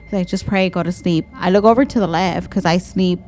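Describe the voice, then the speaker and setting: A young woman with a Texan accent, co-hosting a podcast and telling a story in casual chat, animated, swearing freely and slipping into Spanish phrases. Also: on the low side, fairly quick, slight background noise. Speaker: podcast co-host.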